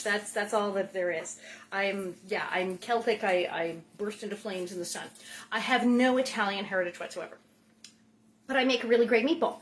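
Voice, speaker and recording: A woman's voice: mid-range voice, a bit bright, slight background noise. A middle-aged woman hosting a casual cooking show from her home kitchen, chatty and playful, with rambling asides and silly food noises.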